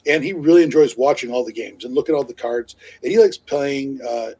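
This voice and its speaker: Husky, rambling male stream co-host. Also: mid-range voice, brisk, dark tone, poor audio. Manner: rambling storyteller, many fillers and restarts; laughs easily while talking. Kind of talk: casual chat on a live stream.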